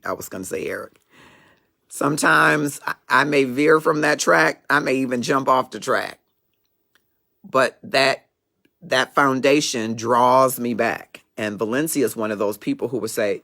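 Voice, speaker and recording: Gravelly, preachy middle-aged male host. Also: medium pitch, pushed and bright. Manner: preachy, emphatic, digressive. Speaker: talk show host. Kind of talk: motivational talk show monologue.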